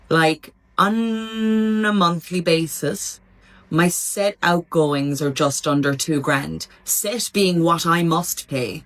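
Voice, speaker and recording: Wry low-voiced woman vlogging. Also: a bit bright. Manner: chatty, wry. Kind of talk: casual vlog talk.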